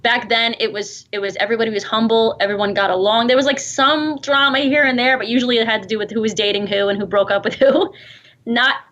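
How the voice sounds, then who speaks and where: Bright-voiced New York woman, chatty. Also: fairly high pitch, fairly even intonation, a little hiss or hum. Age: 30s. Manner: chatty, quick, laughs while talking. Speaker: guest, online video creator. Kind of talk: interview conversation. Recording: dull lo-fi replayed clip.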